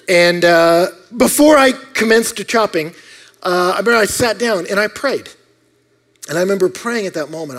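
A pastor giving a sermon, an animated storyteller who swings from loud outbursts to hushed asides. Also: male voice, high-pitched, moderate pace.

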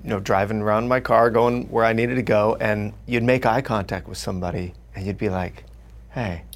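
A man hosts a relaxed interview, his voice low and gravelly with a creaky edge. He asks his questions in an easy, thoughtful way. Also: normal speed. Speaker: interviewer host. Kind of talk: conversational interview.

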